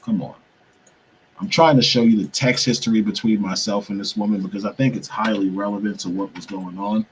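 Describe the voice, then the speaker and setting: A man's voice: lowish voice, fairly even intonation, brisk, a little hiss or hum, low-quality recording. A young man hosting a show, talking casually to viewers while he struggles with his computer, muttering and swearing to himself in frustration. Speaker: podcast host.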